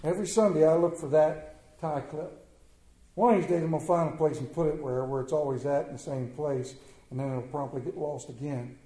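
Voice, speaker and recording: A man preaching a sermon as pastor, telling stories in a folksy, animated way. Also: on the high side, fairly quick. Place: church. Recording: echoey church room.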